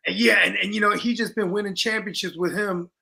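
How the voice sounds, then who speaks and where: A man's voice: high-pitched, steady tone, fairly quick, vocal fry, sharp tone. A young man co-hosting a podcast, talking sports in loose, profane, rambling banter. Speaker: podcast co-host. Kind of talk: casual sports chat.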